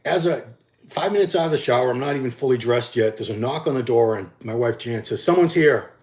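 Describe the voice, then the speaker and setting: A middle-aged man tells his viewers a story plainly and bluntly, with a voice of ordinary pitch for a man. He gets animated when he acts out what people said, then settles back into easy talk. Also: quick pace. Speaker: bodybuilding channel host.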